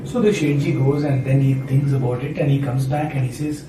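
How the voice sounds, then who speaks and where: Speaking a little fast in a steady, medium-pitched voice, a man from Maharashtra, India, delivers a casual devotional talk peppered with "right?" and "you know." He is a spiritual speaker and university teacher. Background noise is present, and his voice comes from far off in an echoey room.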